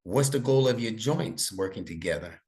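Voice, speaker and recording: A man's voice: lowish voice, expressive, moderate pace, a little mellow. A middle-aged man giving a one-on-one online lesson to a child, patient and coaxing with playful teasing. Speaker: instructor.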